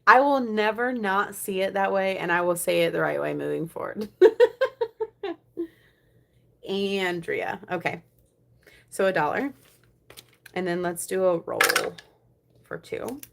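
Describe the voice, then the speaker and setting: A young woman vlogging a savings challenge, chatting casually and counting money aloud, often dropping to a soft murmur. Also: mid-range voice, moderate pace, vocal fry, long pauses. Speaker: budgeting vlogger.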